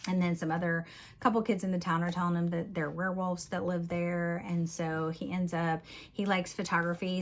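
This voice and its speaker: Chatty, giggly woman with a lowish voice. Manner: chatty and giggly, recapping plots with many "like"s. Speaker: book vlogger. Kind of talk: casual book review chat.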